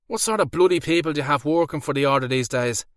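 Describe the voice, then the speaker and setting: A man voicing a petulant male werewolf with an Irish accent, whining high and loud. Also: fast talker, no room sound, clean studio sound, close to an everyday voice.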